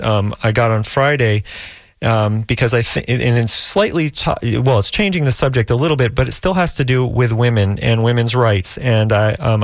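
A man's voice: mid-range voice, dry recording, clean studio sound. A man hosting a call-in radio talk show, reading listener emails and introducing guests with frequent restarts and fillers. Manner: halting, many restarts and fillers.

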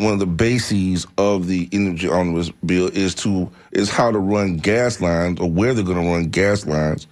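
A man hosting a talk radio show, telling stories in an animated way and laughing easily. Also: sits low.

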